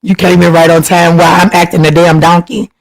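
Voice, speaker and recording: A man runs a tarot livestream at home, talking fairly quickly with vocal fry over a rough recording. He teases and chats casually with viewers as he reads their comments, laughing a lot and his pitch leaping when he gets excited.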